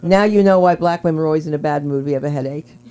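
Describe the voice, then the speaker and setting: Brash low-voiced woman hosting stand-up. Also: very fast. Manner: brash, rambling, swings into loud character voices. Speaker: open mic host. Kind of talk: stand-up comedy. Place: small comedy club stage.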